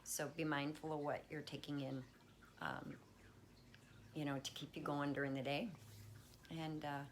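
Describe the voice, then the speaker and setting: Low-voiced woman giving a chatty wellness talk. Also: level tone, unhurried, a little hiss or hum. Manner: chatty, reassuring, talks baby talk to her cat. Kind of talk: casual livestream talk. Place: at home with pets.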